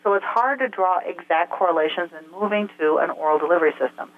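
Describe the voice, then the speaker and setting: A woman's voice: on the low side, fast, a little hiss or hum. Woman explaining over a tinny phone line. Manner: earnest, explains step by step with frequent filler sounds. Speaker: health expert guest. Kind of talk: explanatory interview answers. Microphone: telephone.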